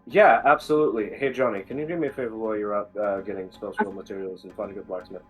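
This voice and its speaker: A man's voice: on the low side, fairly even intonation, quick pace, faint music behind, voice pushed down, natural voice, low-quality recording. A man voicing a male adventurer casually asking a friend for a favor, close to his own voice. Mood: breezy.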